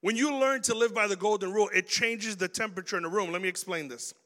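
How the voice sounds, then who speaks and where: A man with a high, bright voice delivers a sermon to young people. He is animated and acts out everyday scenes as he talks. His voice rings through a long-reverb hall. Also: fast. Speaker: preacher.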